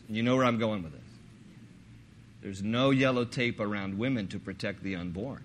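A man preaching a sermon, animated and joking, slipping into mock voices to make his point. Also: on the low side, moderate pace, a little hiss or hum. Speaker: pastor.

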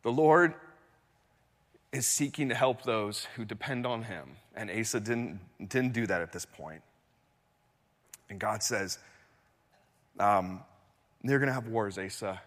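Male pastor delivering a sermon, animated storyteller, shifts from loud to hushed, mid-pitched voice, long hall reverb. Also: measured pace, pauses often.

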